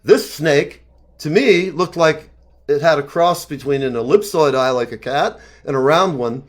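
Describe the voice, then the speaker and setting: A man in his fifties telling rambling personal stories in casual chat, animated and profane, often laughing. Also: on the high side, a little slow. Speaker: talk show guest.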